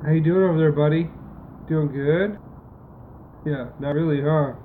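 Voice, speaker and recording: A man's voice: fairly high pitch, steady tone, normal speed. A man co-hosting a casual live stream, blunt and heavy on swearing. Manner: blunt, profane, loud. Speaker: co-host. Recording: phone-like lo-fi with faint noise.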